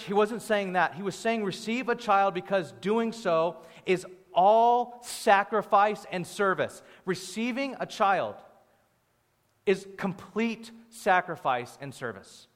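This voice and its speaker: A young man preaching a sermon as pastor, in a conversational, animated way with playful asides. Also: high voice, takes it slowly. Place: church sanctuary. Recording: long hall reverb.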